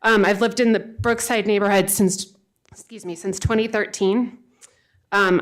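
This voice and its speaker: A woman in her forties giving unprepared public comment at a city council meeting, earnest and halting, with many restarts. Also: medium pitch, rough recording. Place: council chamber, speaking at a podium.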